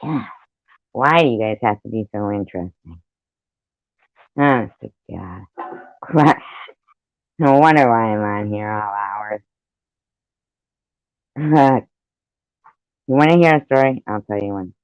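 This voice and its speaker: Slow-talking man with a dull lo-fi sound. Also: lowish voice, lively intonation, no room sound. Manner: swears freely and laughs often. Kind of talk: casual chat in an online voice room.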